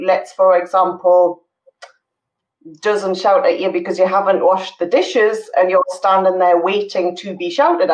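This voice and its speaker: Earnest woman co-host, roomy and distant. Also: mid-range voice. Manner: earnest, halting, searching for words. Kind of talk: casual chat.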